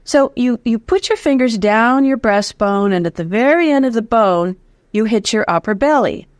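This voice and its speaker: In a clean, echo-free studio recording, a woman with a fairly high voice speaks at normal speed. She's a voice teacher explaining breath support and the vocal folds in an interview, demonstrating as she goes. She's lively and counts aloud during breath drills.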